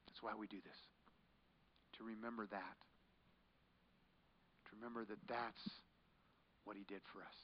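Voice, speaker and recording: A man preaching a sermon as pastor, swinging between hushed, quiet passages and loud, forceful ones. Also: on the low side, steady tone, a little slow, long pauses, a little hiss or hum. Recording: muffled recording in a large echoing hall.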